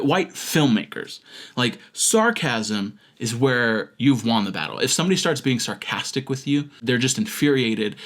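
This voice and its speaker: A man with a lively, sing-song voice that rises and dips a lot as he rants. He mocks what he reads with sarcastic jabs and breaks into laughter mid-sentence. He sounds like a filmmaker vlogger doing a comedic rant. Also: medium pitch. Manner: sarcastic, mocking, laughs while talking. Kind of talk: comedic rant reading out comments.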